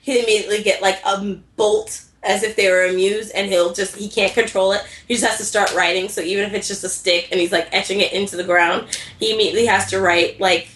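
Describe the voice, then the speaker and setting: A woman's voice: medium pitch, fairly even intonation, fast talker, a bit bright, roomy sound, rough recording. A woman chatting casually and telling a story animatedly, acting out the characters' lines as she goes. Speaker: co-host recapping anime. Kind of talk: casual chat.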